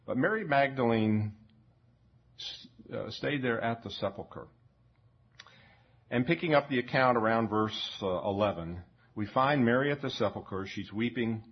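A man preaching a sermon in a slow, reflective way, often repeating words and pausing with fillers. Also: medium pitch, breathy edge. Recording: dull lo-fi recording.

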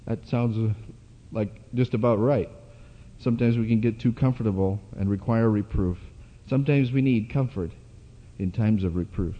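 Halting preacher in a dull, echoing hall. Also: male voice, lowish voice. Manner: halting, many fillers and restarts. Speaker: preacher at a church convention. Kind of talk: sermon.

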